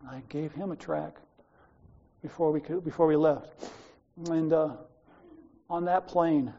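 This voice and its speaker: An older Australian man preaches in a loose, conversational way, drifting into personal stories and asides. His voice is dark and mellow. The recording is slightly muffled and lo-fi. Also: a little high. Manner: conversational storytelling, wandering asides.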